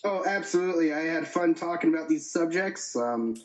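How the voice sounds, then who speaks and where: A man with a high-pitched voice co-hosts a casual podcast chat. He talks hesitantly, restarting his sentences often as he works through his views. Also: expressive, a little fast. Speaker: podcast co-host.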